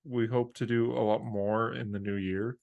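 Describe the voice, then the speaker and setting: A man's voice: medium pitch, little pitch movement, normal speed, vocal fry, phone-quality sound. A young man co-hosting a casual podcast over a video call, rambling and laughing often. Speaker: podcast co-host. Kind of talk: casual chat.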